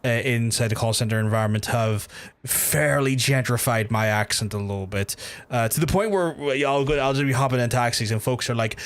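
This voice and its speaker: Chatty man with a softened Belfast accent. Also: medium pitch, fairly quick, a little hiss or hum. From Northern Ireland. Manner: chatty, swears freely, many restarts. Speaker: streamer. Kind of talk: casual gameplay commentary.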